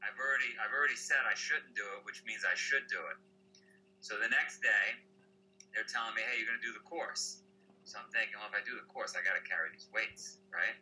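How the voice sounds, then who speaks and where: An energetic male podcast guest with a very bright, sharp, forceful voice. A faint hum sits under him, and he drives his stories with rhetorical questions. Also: fairly low pitch, brisk, low-quality recording. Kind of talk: casual chat.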